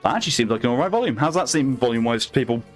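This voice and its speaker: A man streaming a game late at night, chatting calmly with his chat and answering messages in a soothing tone. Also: medium pitch, very fast, soft background music. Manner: calm, soothing voice meant to lull viewers to sleep.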